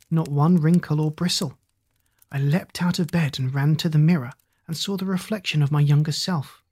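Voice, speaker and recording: A reader narrating a novel in the first person with a steady, measured delivery. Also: medium pitch, no echo. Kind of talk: audiobook narration.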